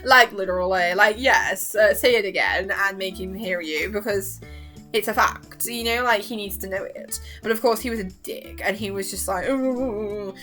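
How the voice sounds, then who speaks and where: A young woman chatting casually as a vlogger, excitable and gushing, laughing often and acting out lines. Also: medium pitch, normal speed, soft background music. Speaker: vlogger reviewing a TV season. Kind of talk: casual chat.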